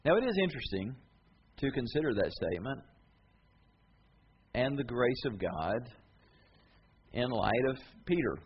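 Male pastor, animated storyteller, mid-pitched voice, somewhat muffled sound. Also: breathy edge. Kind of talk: sermon.

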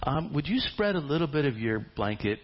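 A shy, modest young woman asks softly and hesitantly, as a man acts her out in close to his own voice. The recording is dull and lo-fi. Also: a little high, very animated, a little fast, pitched above the performer's own voice.

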